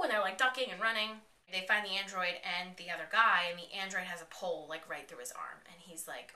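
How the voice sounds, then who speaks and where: A young woman hosting a casual podcast, excitedly recapping a TV episode and quoting the characters in quick bursts, with some swearing. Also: on the low side. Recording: echoey room.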